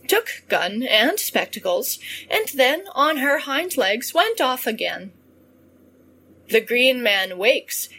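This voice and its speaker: A woman reads rhymed children's stories aloud. Her voice is bright and breathy, and it rises and falls in an animated way. She takes her time over every line. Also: a little high. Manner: slow, expressive storybook reading. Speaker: reader of children's verse.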